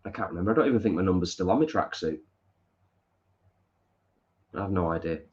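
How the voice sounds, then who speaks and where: A man's voice: deep voice, animated, a little fast, highs cut off. A man with a northern English accent co-hosting a casual live stream from his lounge, reading viewer comments aloud and answering them. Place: home lounge.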